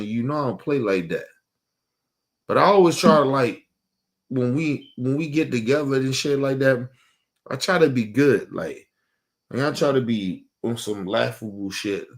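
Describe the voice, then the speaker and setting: A man, hosting and ranting in a heated, profane, repetitive way, casual monologue. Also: medium pitch. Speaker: show host.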